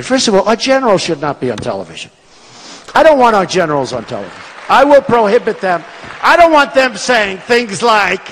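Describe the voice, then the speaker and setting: A man in his sixties giving a repetitive, emphatic and boastful rally speech in a large hall. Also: sits high. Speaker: political candidate speaking at a rally. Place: large performing arts hall. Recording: long hall reverb.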